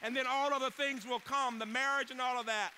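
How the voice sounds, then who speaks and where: High-voiced older man giving an emphatic keynote. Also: fairly even intonation, fairly quick, slight background noise. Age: 60s. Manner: emphatic storyteller, swings between loud bursts and hushed tones. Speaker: university president giving a keynote. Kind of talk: inspirational keynote speech.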